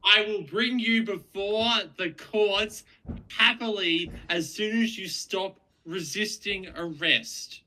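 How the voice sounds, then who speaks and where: Bright high-voiced man at the game table. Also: takes it slowly, a little hiss or hum, low-quality recording. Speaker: player. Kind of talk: casual tabletop game chat.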